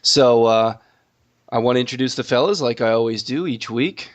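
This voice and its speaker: A man hosting a casual gaming podcast, a little sick and sniffly, joking in a relaxed way. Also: mid-range voice, normal speed, muffled recording. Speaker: podcast host.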